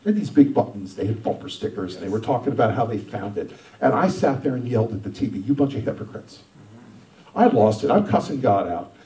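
A man, a senior pastor, telling his own story in a sermon, emphatic, swinging between loud and soft. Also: fairly low pitch, big pitch swings, fast, hardly any pauses, reverberant, recorded from a distance, rough recording. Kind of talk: sermon testimony.

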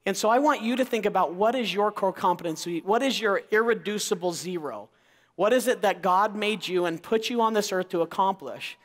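Speaking a little fast, an enthusiastic Idaho man in his 40s gives an energetic motivational keynote with a bright, high voice. His words echo through a large auditorium's long reverb as he works the crowd and throws questions out to the audience.

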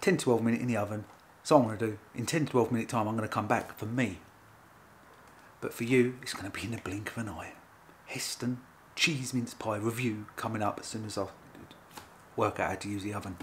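A man's voice: fairly low pitch, brisk, a little hiss or hum. A man hosting a casual food review from his home kitchen, talking in a chatty, rambling, playful way. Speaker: food reviewer, channel host. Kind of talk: casual vlog chat.

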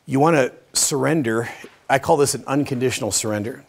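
A middle-aged man teaching a Bible study session, telling stories with lively energy and swinging from loud, emphatic lines to hushed ones. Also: mid-range voice, fast talker, husky.

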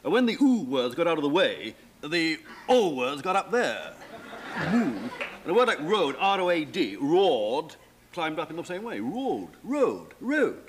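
A man's voice: fairly high pitch, very animated, moderate pace, slight background noise. A middle-aged man, a talk show guest, explaining old pronunciations in a professorial way. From England. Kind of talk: lively explanatory chat.

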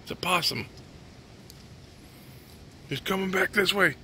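A man's voice: sits high, a little slow, sharp tone, a little hiss or hum. A man, rambling casually to viewers in a vlog. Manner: laid-back, rambling, talks to viewers. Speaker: vlogger. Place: indoors and outdoors at night.

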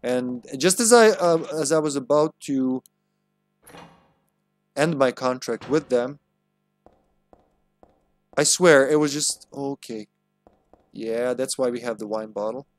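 A man's voice: mid-range voice, slow pace, pauses often. Rambling joking male game streamer. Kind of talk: live let's-play commentary.

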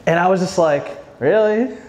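Chatty, higher-voiced man at a workshop. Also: normal speed. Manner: chatty storyteller, acts out quoted voices, frequent "like"; self-deprecating humor. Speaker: youth ministry director speaking at a workshop. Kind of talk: casual conference talk. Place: live conference workshop.

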